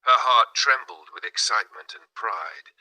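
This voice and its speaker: A man reading an allegorical novel aloud in measured, dramatic narration. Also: fairly low pitch, expressive, pushed and bright, poor audio. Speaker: audiobook narrator. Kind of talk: scripted narration.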